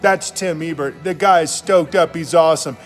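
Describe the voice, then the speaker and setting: A man's voice: fairly high pitch, normal speed, faint music behind. A middle-aged man, a pastor, telling stories in a casual, enthusiastic, slangy motivational talk.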